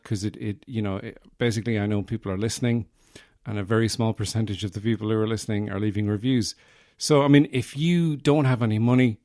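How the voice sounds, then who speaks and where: Male podcast host, deadpan comic rambling, mid-pitched voice, dry close mic. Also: no echo. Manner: deadpan absurd bragging, frequent fillers.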